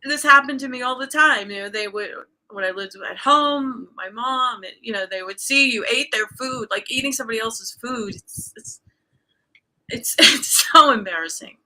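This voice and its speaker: Bright-voiced woman telling a candid story. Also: fairly high pitch, moderate pace. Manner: candid, storytelling with frequent fillers. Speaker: guest, coach. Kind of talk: casual conversation.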